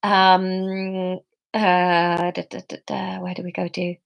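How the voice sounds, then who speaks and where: A woman's voice: lowish voice, monotone, slow, vocal fry, smooth. A woman reading her own comic novel aloud, breaking off for playful, chatty asides.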